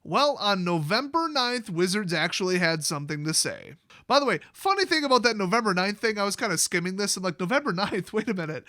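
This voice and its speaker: A man's voice: high voice, sing-song, fairly quick, bright, forceful tone, no room sound, clean studio sound. A man hosting a commentary channel, ranting casually in a sarcastic, mocking way. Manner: sarcastic, mocking, puts on voices for jokes.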